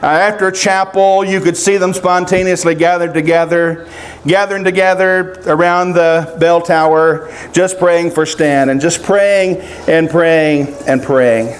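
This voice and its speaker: High-voiced older man preaching a sermon. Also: fairly even intonation. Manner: halting, emotional storytelling with long pauses. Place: outdoor family encampment gathering.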